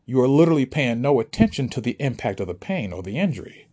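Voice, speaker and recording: A man's voice: mid-range voice, sing-song, fast talker, warm tone, slightly rough. A man speaking to listeners in an emphatic, preachy monologue, often asking if they understand. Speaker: spiritual speaker. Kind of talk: motivational monologue to an audience.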